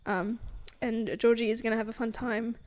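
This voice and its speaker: A woman's voice: a little high, little pitch movement, moderate pace, a little mellow, slight background noise. A young woman co-hosting a book podcast, recapping a novel in casual chat with lots of fillers and frequent laughs. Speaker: podcast co-host.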